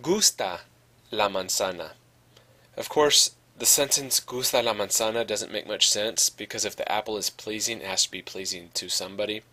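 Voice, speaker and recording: Patient teacher-man with a bright voice. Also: lowish voice, normal speed. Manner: patient, explanatory, says "okay" often. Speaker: Spanish teacher. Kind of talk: podcast lesson.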